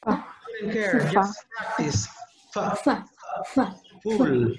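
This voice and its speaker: A man teaching English pronunciation in an online webinar, modeling words slowly and deliberately for students to repeat. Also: high voice, lively intonation, a crowd in the background. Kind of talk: online webinar lesson, drilling sounds. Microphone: computer mic on a video call. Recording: echoey, dull lo-fi webinar audio.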